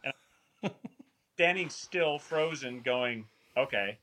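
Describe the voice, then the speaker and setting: A man telling a long story in a casual, animated, rambling way, often poking fun at himself. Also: mid-range voice, moderate pace, slight background noise. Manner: animated, rambling, self-mocking.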